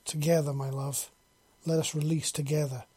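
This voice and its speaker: A man voicing a loving female alien huntress in a soft, purring, flat reading for a storybook. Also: a little high, normal speed, husky. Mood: tender.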